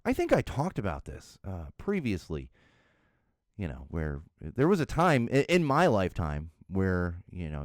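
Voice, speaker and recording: Deep-voiced and middle-aged, this podcast host goes it alone, chuckling through animated, self-mocking stories in a relaxed manner. It's clean studio audio with no room sound.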